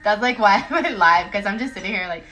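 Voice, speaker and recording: A woman's voice: medium pitch, expressive, fast, sharp tone, lo-fi sound, soft background music. A woman author chatting casually with viewers on a phone livestream, rambling and giggly, often joking about herself.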